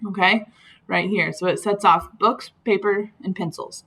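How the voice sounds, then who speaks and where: A woman's voice: medium pitch, steady tone, a little slow, a bit bright, husky, rough recording. A woman teacher talking through grammar slides in a patient, explanatory way, with frequent ums. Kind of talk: recorded slide lesson.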